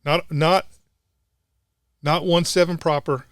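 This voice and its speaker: A man's voice: on the high side, fairly even intonation, slow, no echo, clean studio sound. A middle-aged man, a combat veteran guest, telling a war story in blunt, profane casual talk.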